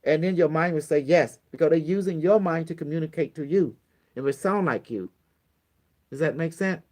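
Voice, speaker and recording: A man's voice: on the high side, moderate pace, a little mellow. A man giving a casual spiritual lesson to a small group, blunt and repetitive, swearing freely and acting out pleading prayers. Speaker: spiritual teacher.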